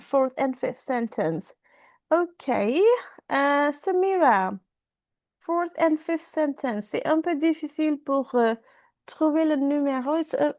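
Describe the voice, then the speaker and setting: High-voiced woman teaching French online. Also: dry recording. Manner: repeats phrases, switches between French and English.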